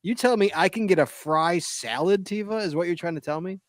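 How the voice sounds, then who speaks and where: A man's voice: high-pitched, a little fast, dry recording, clean studio sound. A man hosting a casual podcast chat, reading listener comments aloud and reacting emphatically with frequent laughter. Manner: animated, emphatic, laughs often. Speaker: podcast host.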